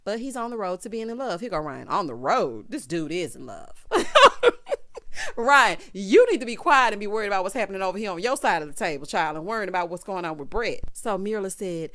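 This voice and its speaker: A woman giving a sassy, gossipy recap of a reality show, calling people "honey" and "child" and breaking into loud laughter. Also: mid-range voice, fast, few pauses, no room sound. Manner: animated, bursts into loud laughter.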